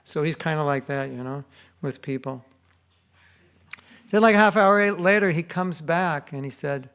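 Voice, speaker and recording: An older man giving a storytelling class at a temple, animated and acting out the voices of people in his stories. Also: fairly high pitch, normal speed, creaky. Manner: animated, acts out quoted voices. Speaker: spiritual teacher giving a class. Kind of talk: storytelling sermon. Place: temple hall.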